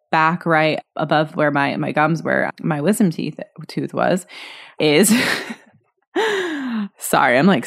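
A woman in her thirties talks straight to her listeners in a solo podcast episode. Her voice sits a little low, and she rambles candidly, full of "like" and self-corrections. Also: vocal fry. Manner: candid, chatty, many fillers and restarts. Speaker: podcast host.

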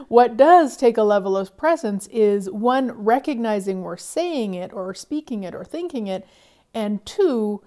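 Woman, middle-aged, money mindset coach, gentle motivational talk, fairly high voice, whispery asides. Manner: soft-spoken, sighs often, drops to whispers.

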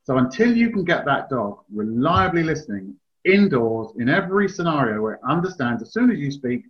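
A man's voice: fairly high pitch, big pitch swings, a little fast. A man hosting a casual chat, a dog trainer who explains his advice at length in a chatty way. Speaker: dog trainer, podcast host. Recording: slightly dull, lo-fi sound.

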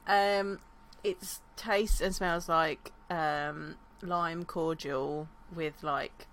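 A woman co-hosting a podcast, talking in an easygoing, relaxed way with some fillers. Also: deep voice, drawn-out words, rough recording. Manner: relaxed, easygoing, brief agreeing replies. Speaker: podcast co-host. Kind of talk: casual chat.

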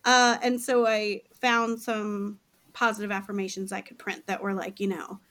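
A woman's voice: medium pitch, level tone, moderate pace, a bit bright. A woman in her forties hosting a podcast, talking casually in a chatty, self-deprecating way and laughing at herself. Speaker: podcast host.

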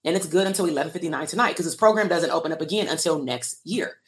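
A woman's voice: low-pitched, quick pace. Candid woman livestreaming. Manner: candid, emotional, asks viewers to comment, swears freely. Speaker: therapist and business coach hosting a livestream. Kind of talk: casual livestream talk to viewers.

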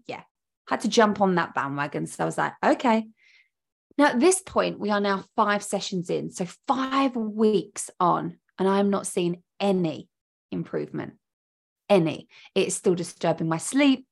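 A woman in her thirties hosts her own podcast, telling a personal story straight to the listener. She is chatty and candid and leans on repeated words for emphasis. Her mid-pitched voice carries a gravelly fry. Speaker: podcast host.

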